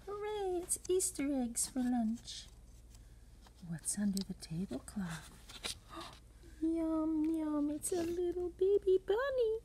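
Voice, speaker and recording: A woman reading a children's picture book aloud in a playful, sing-song way, dropping into breathy whispers and making animal sounds. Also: very high-pitched, sing-song, takes it slowly, warm tone, slight background noise. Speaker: storybook reader.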